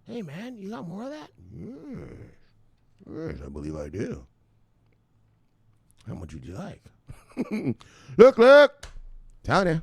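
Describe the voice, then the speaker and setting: A man hosting a cryptocurrency news vlog in an excitable, profane style, laughing often and repeating himself. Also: no echo. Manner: shouts "bang" and "boom" with rising excitement.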